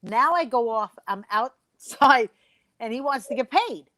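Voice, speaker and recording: A brash woman comedian spins a profane backstage story with a high, bright voice. Her sound is close and dry, with no room around it. She jumps into other people's voices as she goes. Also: lively intonation, a little slow, dry recording. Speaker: comedian guest. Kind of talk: storytelling round-table chat.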